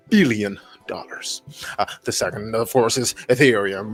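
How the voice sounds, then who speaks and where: A man hosting a casual livestream, his pitch swinging widely as he reads an article aloud. He stumbles, restarts and breaks off often to react and talk to his chat. Faint music plays underneath. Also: a bit bright. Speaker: livestream host.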